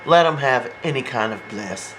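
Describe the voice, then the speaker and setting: Chatty man with a bright voice. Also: mid-range voice, lively intonation, moderate pace, a little hiss or hum, rough recording. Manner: gossipy and chatty, retells scenes with quotes. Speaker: soap opera recap host. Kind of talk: casual chat recapping an episode.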